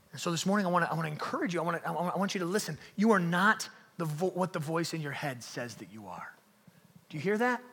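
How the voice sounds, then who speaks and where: A young man preaching a sermon in church, swinging from loud emphatic lines to hushed near-whispers. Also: a little high, husky, big-room sound. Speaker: pastor. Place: church hall.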